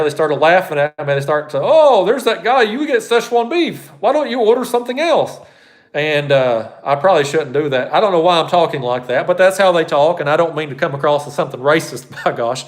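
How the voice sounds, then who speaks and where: A man hosting a fishing channel, answering viewer questions on a live stream in a blunt, folksy, rambling way. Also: on the high side.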